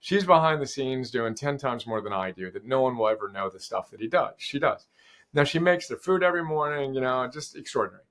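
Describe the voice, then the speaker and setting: A middle-aged man speaks as a podcast guest, casual and enthusiastic. He gets animated and leans on quotations while he makes his points. His voice sits at an ordinary pitch. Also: brisk. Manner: animated, enthusiastic, quotes often. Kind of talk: casual conversation.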